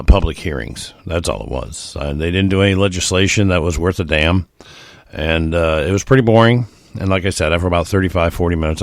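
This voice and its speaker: Man, middle-aged, podcast host, rambling monologue, chuckling, very deep voice, dry recording. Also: no room sound. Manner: rambling, chuckling, with many uh fillers. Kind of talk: casual solo podcast monologue.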